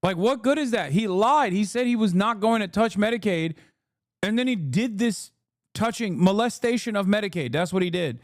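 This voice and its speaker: A man's voice: sits high, animated, moderate pace, no echo, studio quality. A man streaming casual political commentary, ranting in a profane, sarcastic, mocking way. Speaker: streamer host.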